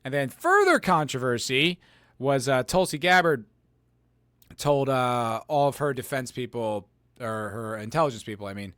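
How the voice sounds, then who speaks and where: A man's voice: medium pitch, sing-song, moderate pace, fairly bright tone, clean tone, no room sound. A man hosting a podcast, rambling in casual political commentary and answering chat comments, full of "like" and "you know". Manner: reads viewer chat comments and answers them. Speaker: podcast host.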